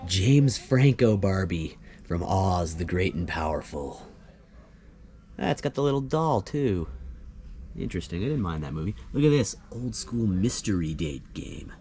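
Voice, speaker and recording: A man's low, dark voice swings widely in pitch at a measured pace, with slight background noise, as he strolls an indoor flea market on camera. Music from the store plays behind his relaxed musings on the things around him.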